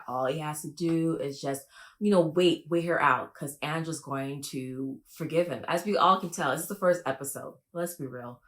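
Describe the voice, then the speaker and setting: Low-voiced woman gossiping in a casual reaction vlog. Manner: animated, with big pitch jumps. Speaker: vlogger. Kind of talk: reaction video commentary.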